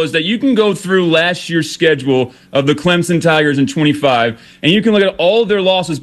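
A man calling into a sports talk show, taunting a rival team and repeatedly addressing the host by name. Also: sits high. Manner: taunting, keeps saying the host's name. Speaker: caller.

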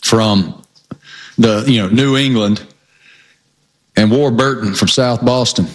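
Male co-host, folksy and excited, ordinary mid voice. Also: mid-range voice, slow. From American South. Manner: enthusiastic, folksy, southern slang. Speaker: podcast co-host. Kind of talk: casual sports chat.

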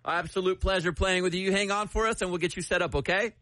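A man's voice: high voice, fairly even intonation, quick pace, noisy background. A man hosting a morning radio show, upbeat and jokey, laughing often between lines.

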